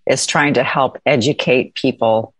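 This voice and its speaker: Very low-voiced woman podcast host. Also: a little slow. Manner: warm agreeing interjections, animated asides. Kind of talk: casual chat.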